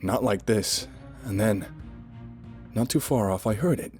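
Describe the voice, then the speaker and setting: A man's voice: on the low side, a little slow, pauses often, a little mellow, soft background music. A man narrating a first-person horror story in a dramatic, lurid style.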